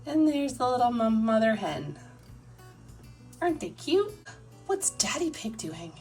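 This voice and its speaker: A woman narrates toy play for a little child in a lilting, up-and-down voice. She talks slowly and warmly clear, with faint music playing underneath. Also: a little high, sing-song, far from the mic. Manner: sing-song, playful, does small character voices.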